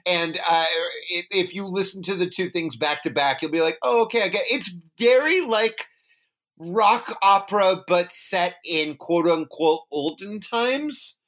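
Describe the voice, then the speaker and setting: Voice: mid-range voice, measured pace. Podcast host riffing on an old movie, bouncy voice all over the place, jokey. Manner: animated, jokey, breaks into mock voices. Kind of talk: casual chat recapping a film.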